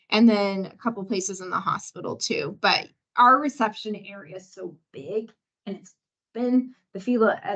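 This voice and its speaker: A young woman with a slightly high voice leads a workplace training session. She talks casually and chattily, with an encouraging tone and plenty of fillers. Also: fairly bright tone, poor audio. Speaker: veterinary staff trainer.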